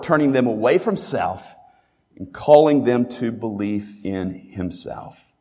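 Preaching with emphasis, a pastor whose medium-pitched voice is a little mellow asks rhetorical questions and keeps returning to key phrases. The sound carries a long large-hall reverb.

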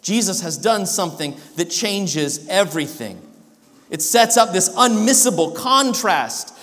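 A man's voice: high voice, fairly bright tone, long reverb tail. A man preaching a sermon as pastor, emphatic, often restarting his sentences.

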